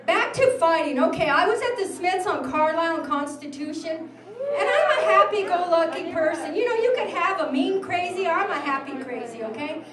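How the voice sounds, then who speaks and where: A middle-aged woman tells brash, profane stories on a bar stage in a very high voice, acting out the other people in them. She is picked up from a distance in a roomy, echoing club, and the audience is loud around her. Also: lively intonation, a little fast. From New Mexico, USA. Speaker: stand-up comic. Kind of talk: stand-up comedy set. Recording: roomy club sound from far off, crowd noise.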